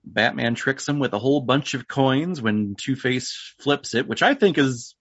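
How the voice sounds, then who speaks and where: A man guesting on a casual podcast, recapping a movie in a relaxed way and chuckling often. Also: mid-range voice, a little slow, no room sound. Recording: dry, dull lo-fi remote audio.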